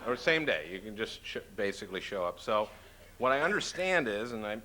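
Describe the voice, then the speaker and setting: A man's voice: on the low side, very animated, pushed and bright. A man from Minnesota giving a comic question-and-answer talk as an author, joking dryly and stopping often with "uh". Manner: dry, joking, halting with many "uh"s. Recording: noisy lecture-hall recording.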